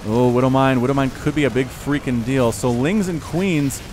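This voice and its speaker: A man casting a strategy game, excitable and quick to shout at big plays. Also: medium pitch, over music. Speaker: game caster. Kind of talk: live strategy game commentary.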